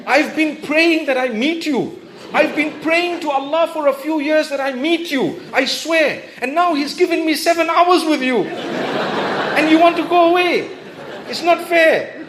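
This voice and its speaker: A man's voice: unhurried, echoey room, noisy background. A man voicing an overjoyed, tearful woman passenger who gushes and pleads in a raised voice. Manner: gushing, high-pitched, pleading.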